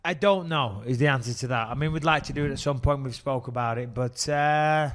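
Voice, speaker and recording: A man's voice: medium pitch, brisk, fairly bright tone. A middle-aged man from England, co-hosting a podcast in casual, rambling, sweary chat. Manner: swears freely, rambling storyteller. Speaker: podcast co-host.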